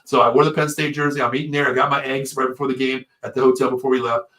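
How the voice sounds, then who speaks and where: Dude co-hosting a sports show, talks quick, swears a lot, sharp bright voice. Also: male voice, medium pitch. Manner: excitable storyteller, swears freely. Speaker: podcast co-host. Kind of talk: casual sports talk show chat. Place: live stream show.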